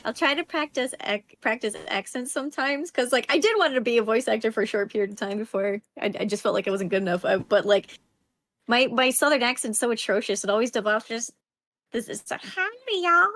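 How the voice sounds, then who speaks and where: Woman guest, bright high voice, hesitant giggly chat, dry close sound. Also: brisk, no room sound. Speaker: streamer guest. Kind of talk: casual chat.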